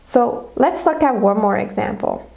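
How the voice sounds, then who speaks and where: A woman's voice: medium pitch, animated, unhurried, gravelly, warm tone. A woman teacher giving a grammar lesson video, explaining methodically step by step with examples.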